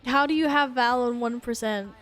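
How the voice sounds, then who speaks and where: A woman's voice: a little high, normal speed, fairly bright tone, soft background music. A woman streamer in casual chat, swearing, laughing and reading chat messages aloud.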